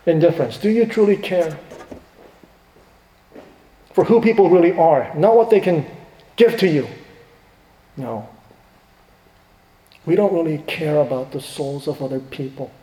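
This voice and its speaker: A middle-aged man, a pastor, preaching a sermon with emphatic swings between hushed and rising delivery. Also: fairly high pitch, measured pace, pauses often. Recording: echoey hall with long reverb.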